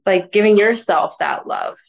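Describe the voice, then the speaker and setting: A woman as a podcast guest, talking in a gentle, rambling casual way, full of "like" fillers. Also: mid-range voice, very animated, a little slow, vocal fry, poor audio. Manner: rambling, filler-heavy with frequent "like"; soft, gentle delivery. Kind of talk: casual interview conversation.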